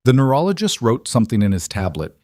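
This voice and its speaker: A man narrating a scripted crime story in a steady, measured way. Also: mid-range voice, no room sound, clean studio sound.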